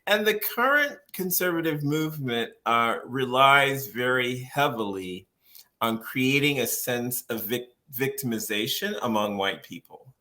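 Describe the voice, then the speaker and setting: A man's voice: medium pitch, lively intonation, measured pace, pushed and bright. A man who is a policy researcher speaks as a guest on a podcast interview, explaining at length, often laughing and restarting his phrases as he thinks.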